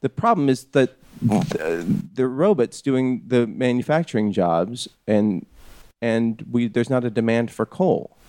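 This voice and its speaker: A man hosting a casual podcast chat, rambling and animated, laughing often. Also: medium pitch, unhurried, no echo. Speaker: podcast host.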